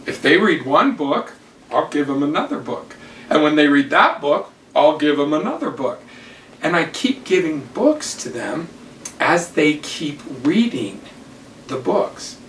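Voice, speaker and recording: An older man gives a devotional talk, taking his time with each story and weighing every phrase. His voice sits a little high for a man. He is heard from some distance in a roomy space with faint background hum. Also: sing-song, a bit bright. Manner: slow, deliberate storytelling. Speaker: church teacher. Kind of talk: devotional talk with personal stories.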